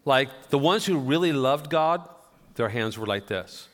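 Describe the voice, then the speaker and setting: A pastor preaching a sermon, telling conversational, self-deprecating stories. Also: male voice, mid-range voice, expressive, measured pace, a bit bright. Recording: long reverb of a church hall.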